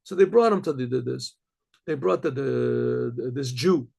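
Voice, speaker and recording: Husky, gravelly-voiced storytelling rabbi. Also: male voice, mid-range voice, normal speed, darkish tone. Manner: conversational, with many restarts.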